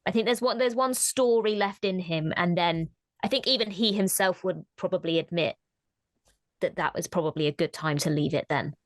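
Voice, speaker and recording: A woman's voice: fairly low pitch, normal speed, no echo, clean studio sound. A woman co-hosting a casual discussion, who talks thoughtfully and often restarts her sentences. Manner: thoughtful, hesitant, many restarts. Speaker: co-host.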